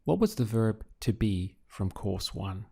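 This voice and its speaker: Man teaching a lesson real slow, dark mellow voice, asks then answers. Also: lowish voice, lively intonation, creaky, slightly rough. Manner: poses prompts, pauses, then gives answers syllable by syllable. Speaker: language teacher. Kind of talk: slow, deliberate audio language lesson.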